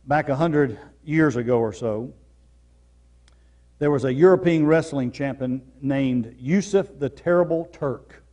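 A pastor delivers a sermon from the pulpit at a measured pace, repeating phrases to drive his points home. He rises to loud, emphatic lines, then drops to soft, low ones.

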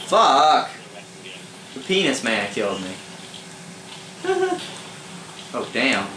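A young man giving casual live commentary over his own multiplayer matches, swearing freely, quick to get angry and laughing at his own mishaps. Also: medium pitch, wildly swooping pitch, noisy background. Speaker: gamer doing live commentary. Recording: roomy echo with faint ambience.

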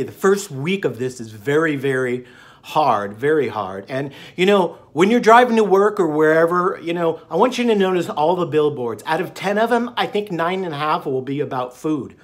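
A man hosting his own diet channel, talking in a jokey, rambling way full of fillers and asides. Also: a little high. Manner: jokey, digressive, lots of fillers. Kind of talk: casual rambling monologue.

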